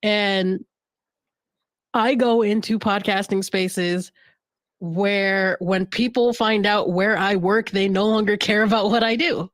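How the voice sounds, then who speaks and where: A woman talks frankly and with humor on a casual panel, often laughing and starting her sentences over. Her voice sits at a middle pitch and is recorded dry and close. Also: fairly even intonation, takes it slowly, no room sound. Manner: candid, joking, laughs often, restarts phrases. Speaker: podcast network director.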